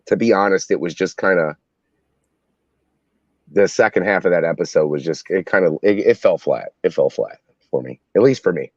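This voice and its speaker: Man, very deep voice, hesitant, casual review chat, dry dull recording. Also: normal speed, husky, no room sound. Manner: hesitant, many fillers. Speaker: podcast co-host.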